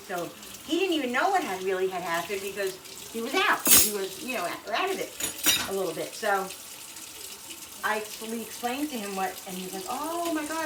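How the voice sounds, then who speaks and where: A middle-aged woman vlogger with a mid-range voice tells a long personal story in a casual, rambling way, emotional and full of restarts, asides, and "you know"s. She's recorded from far off in an echoey kitchen with clattering dishes and a noisy background.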